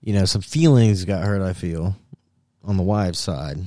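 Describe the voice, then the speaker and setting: A man's voice: sits low, unhurried, dark tone, dry recording, studio quality. Profane laughing man telling a story. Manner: profane, laughing, acts out quoted voices. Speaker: podcast co-host. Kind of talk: casual storytelling chat.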